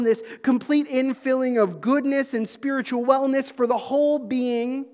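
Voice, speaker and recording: A man preaching a sermon as pastor, talking conversationally with the congregation and swinging between emphatic calls and soft, low asides. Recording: long hall reverb.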